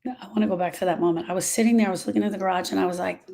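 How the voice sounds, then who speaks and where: A middle-aged woman speaking as a grief specialist, talking earnestly to her followers and slowing down on emotional points. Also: mid-range voice, steady tone, vocal fry, dark tone. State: emotional, short of breath at moments. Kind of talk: personal talk to followers.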